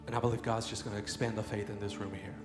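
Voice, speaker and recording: A man in his thirties preaching a sermon, moving between quiet personal storytelling and loud, fervent prayer. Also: lowish voice, flat delivery, racing. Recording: echoey room with faint music.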